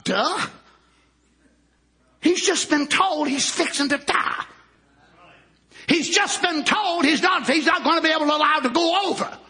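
A man preaching a sermon in a fervent manner, often shouting. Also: very high voice, moderate pace.

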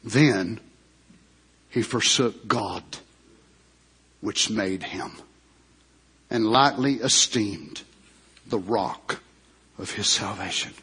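A man preaching a sermon as pastor, who swings between shouted climaxes and low hushed asides and draws out emphatic words. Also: very slow, pauses often, slightly rough.

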